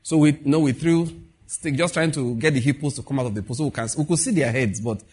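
A man's voice: mid-range voice, fast, breathy edge. A middle-aged man with a Nigerian accent preaching in a conversational way, acting out quoted dialogue and asking his listeners questions. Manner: animated, acts out quoted dialogue, asks the audience questions. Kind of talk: conversational sermon.

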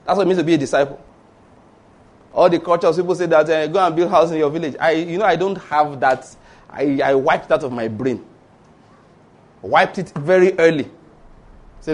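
Nigerian Yoruba-accented pastor, slightly high voice. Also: male voice, lively intonation, moderate pace, long pauses. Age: middle-aged. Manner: storytelling, emphatic, repeats points. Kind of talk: sermon.

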